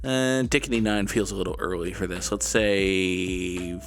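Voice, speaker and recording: A fairly low-pitched man talks his way through a guessing game, musing aloud and cracking jokes at his own expense. He drifts between wry asides and the odd blunt swear word, and faint music plays quietly underneath. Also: a little fast. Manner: rambling, jokey, talks to himself while guessing, swears. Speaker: gaming YouTuber. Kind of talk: casual gameplay commentary.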